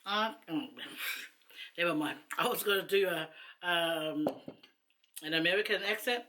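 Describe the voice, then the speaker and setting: A woman's voice: fairly low pitch, measured pace, noisy background. A woman chatting casually to camera while eating, rambling and laughing between asides. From New Zealand. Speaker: mukbang vlogger.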